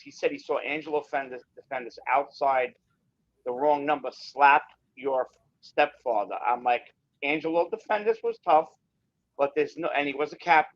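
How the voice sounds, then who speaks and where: Guy calling in over a muffled online connection, pushy, keeps cutting in. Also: medium pitch. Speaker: caller. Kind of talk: casual group voice chat. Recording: muffled online call audio.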